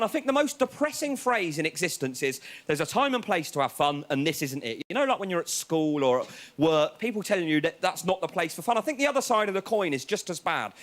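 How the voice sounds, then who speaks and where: A man doing a stand-up comedy set, animated, acting out other people's voices. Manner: animated, acts out other voices, jumps into a much higher yelling pitch. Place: TV studio stage with a live audience. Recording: live TV studio with crowd laughter.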